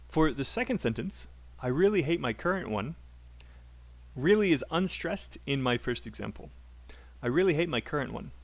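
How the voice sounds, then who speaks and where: Upbeat British man teaching English live. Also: on the high side. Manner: upbeat, explains and models sentences aloud. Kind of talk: live online speaking class.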